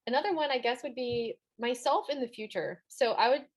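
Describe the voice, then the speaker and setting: A woman's voice: a little high, fairly quick, slightly rough. A woman in her thirties, a guest on a podcast, talking in an earnest, sentimental, casual way. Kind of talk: casual interview chat.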